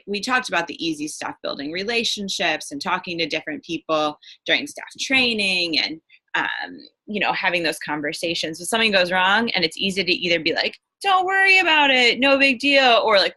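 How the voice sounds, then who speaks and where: A young woman with a bright, slightly low voice coaches new camp leaders in a casual talk. She checks in with 'right?' and fills gaps with ums. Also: low-quality recording. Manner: chatty, frequent 'right?' and 'um'.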